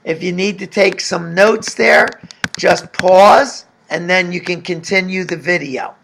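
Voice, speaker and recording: Slow, gravelly high-voiced male teacher. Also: fairly bright tone, slight background noise. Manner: patient, explanatory, asks the class questions. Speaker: Spanish teacher. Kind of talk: recorded video lesson.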